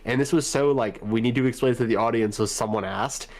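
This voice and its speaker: A man co-hosting a podcast, speaking casually and bluntly, quick to criticize. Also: medium pitch, darkish tone. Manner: blunt and critical, calls things stupid. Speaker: podcast co-host. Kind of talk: casual fan discussion.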